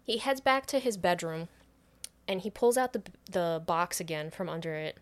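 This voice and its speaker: A woman's voice: fairly low pitch, moderate pace. Profane woman recapping a film. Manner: profane, animated recap with quoted voices. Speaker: podcast co-host retelling a film. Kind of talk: casual chat.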